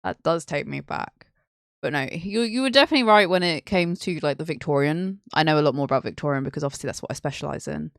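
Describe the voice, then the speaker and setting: A woman's voice: low-pitched, quick pace, creaky, no room sound, studio quality. A woman hosting a casual history stream, rambling, teasing and giggling often.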